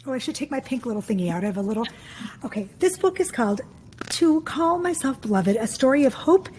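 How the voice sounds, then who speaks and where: Excitable high-voiced woman podcast host. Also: fast talker, a little hiss or hum. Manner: excitable and emotional, gushing with many restarts. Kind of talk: casual interview chat.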